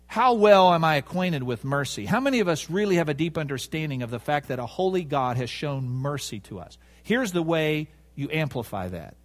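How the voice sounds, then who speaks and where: A man preaching with a voice that climbs and falls widely, set a little higher than most men. He drives his points home with emphasis and repetition, and he puts rhetorical questions to the congregation. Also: animated, brisk, few pauses. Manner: emphatic, rhetorical questions, stresses key words. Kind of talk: sermon.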